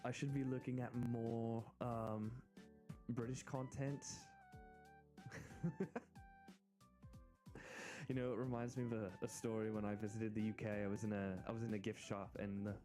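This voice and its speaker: An American man streaming, chatting casually and excitedly in rambling asides. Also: fairly low pitch, normal speed, pauses often, soft background music. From United States. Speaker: VTuber streamer. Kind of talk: casual live-stream chat.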